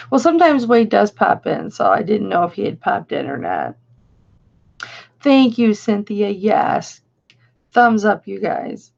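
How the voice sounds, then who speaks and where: A woman hosts a casual live stream, answering her viewers with affection. She talks slowly with a gravelly rasp. The sound is dull and lo-fi. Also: medium pitch, sing-song, a little mellow. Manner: chatty, affectionate, reads out viewer comments. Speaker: live-stream host and reseller.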